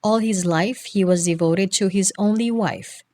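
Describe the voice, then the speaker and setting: A woman narrating a history textbook as an audiobook reader, in a measured, phrase-by-phrase reading. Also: medium pitch, darkish tone.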